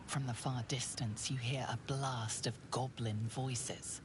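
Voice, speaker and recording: A woman giving measured, ominous second-person narration as a game's storyteller. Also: rumbling low, fairly even intonation. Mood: calm. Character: low-voiced female storyteller, ominous, calm. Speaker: game narrator. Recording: noisy game capture.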